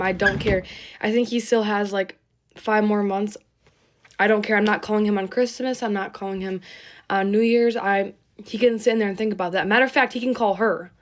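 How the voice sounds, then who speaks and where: A woman's voice: medium pitch, slight background noise. A young woman telling a rambling, emotional get-ready-with-me storytime, swearing freely. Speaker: storytime creator.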